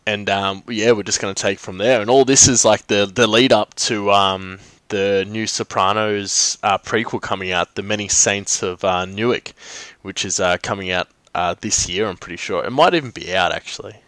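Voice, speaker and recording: A man's voice: lowish voice, steady tone, moderate pace, fairly bright tone, no room sound. A man hosting a casual podcast, rambling with fillers and restarts. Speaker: podcast host. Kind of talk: casual chat.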